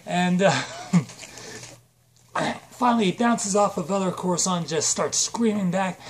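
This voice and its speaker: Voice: mid-range voice, slight background noise. A channel creator telling an absurd made-up story in a rambling, hyper way with lots of fillers. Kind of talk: comic improvised storytelling.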